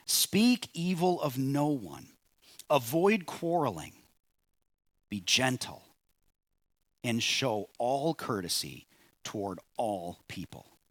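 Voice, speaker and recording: A pastor preaching a sermon in a measured way, rising on key phrases and dropping soft at line ends. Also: male voice, mid-range voice, sing-song, no room sound.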